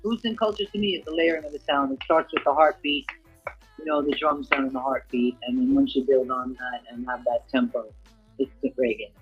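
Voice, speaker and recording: A woman's voice: extremely low pitch, steady tone, a little fast, husky, soft background music. A woman guest, a reggae singer, chatting casually in an interview and rambling with frequent "you know" fillers. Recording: dull lo-fi audio.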